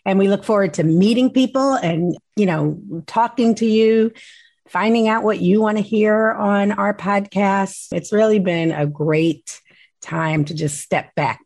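A woman's voice: medium pitch, measured pace, a little mellow, no room sound. Supportive woman podcast co-host. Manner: supportive listener, reads guest introduction. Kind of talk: casual conversational podcast.

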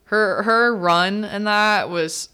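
Woman podcast host, mid-pitch, talky and loose, acts out quotes with voice swings. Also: bright, forceful tone, clear, resonant tone. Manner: chatty, lots of filler "like", quick asides. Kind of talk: casual solo movie recap.

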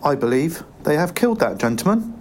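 Woman playing a wary ship's cooper, low and grave, lively inflection. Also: a little fast, slight background noise. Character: wary ship's cooper, cautious working man.

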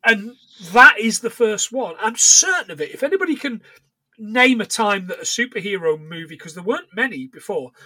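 A man with a high, bright voice, recorded dry and close with no room sound. He co-hosts a podcast in loose, rambling chat, dropping in swear words as he goes through what he has seen. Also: expressive, a little fast, dry recording. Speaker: podcast co-host. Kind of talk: casual chat.

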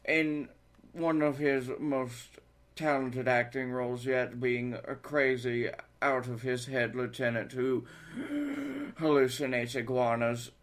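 Comedy podcast co-host, man, mid-pitched, deadpan mock-solemn delivery. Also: takes it slowly. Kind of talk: comedic mock courtroom argument.

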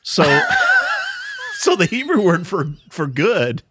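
A man's voice: extremely high pitch, wildly swooping pitch, slow pace, pushed and bright, a little hiss or hum. Chuckling man teaching scripture. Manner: explanatory, chuckles often, restarts. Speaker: podcast host teaching the Bible. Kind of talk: casual teaching chat.

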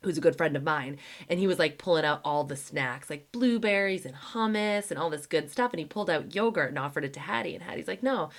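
A woman's voice: deep voice, quick pace, few pauses. A woman hosting a podcast and chatting casually, with lots of "like" fillers and acted-out quotes as she tells stories. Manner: chatty, heavy use of "like", acts out quoted dialogue. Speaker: podcast host. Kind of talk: casual conversational storytelling.

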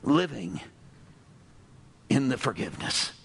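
A man preaching a sermon to a congregation, telling a parable with animated storytelling and acting out the characters. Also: mid-range voice, takes it slowly, creaky, a little hiss or hum. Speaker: pastor.

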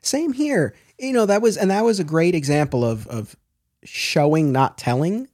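A man hosting a podcast in a casual discussion. He talks in an animated way and often restarts and corrects himself mid-sentence. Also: a little high, moderate pace, no echo, clean studio sound. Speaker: podcast host.

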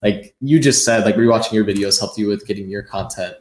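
Speaking quickly with a fairly low, darkish voice, a podcast host chats through a casual interview in a reverberant room. His enthusiasm comes with plenty of stammering, restarting, and repeated "like"s.

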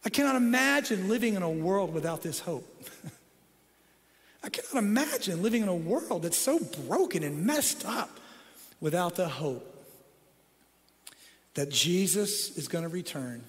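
A middle-aged man preaching a sermon as pastor, swinging between hushed, low passages and excited, rising peaks. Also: unhurried, pauses often, in a large hall. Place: church sanctuary.

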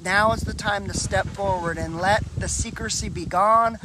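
A man with a notably high speaking voice who swings between fervent preaching and loose, rambling joke-telling. He talks live on a Christian talk show. A constant bed of background noise sits under the broadcast. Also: normal speed. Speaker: guest from a Christian television network.

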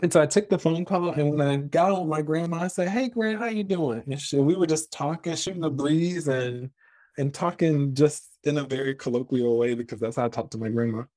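A man's voice: fairly high pitch, brisk, no echo. A young man telling stories in a casual chat as a podcast guest, acting out the voices of people he quotes. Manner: animated, acts out quoted voices.

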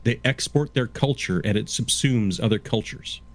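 A man in his fifties chatting casually, explaining at length in a halting way with frequent restarts. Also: mid-range voice. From Canada. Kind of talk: casual chat.

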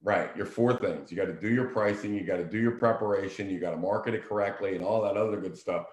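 A man's voice: on the low side, quick pace, reverberant. A man, hosting a casual real estate talk in an emphatic, coaching way. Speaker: real estate agent, show host. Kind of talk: casual business chat.

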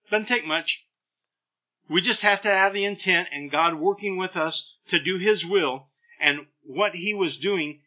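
Middle-aged male preacher, bright and forceful tone, slightly high voice, animated storyteller. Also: lo-fi sound. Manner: animated storytelling preacher, acts out scripture lines. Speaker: pastor. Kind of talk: sermon.

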